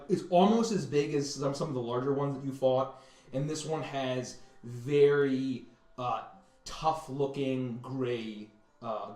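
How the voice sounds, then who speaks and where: A man narrating a tabletop game as game master, describing scenes with many pauses and fillers. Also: mid-range voice, darkish tone. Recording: roomy, distant mic.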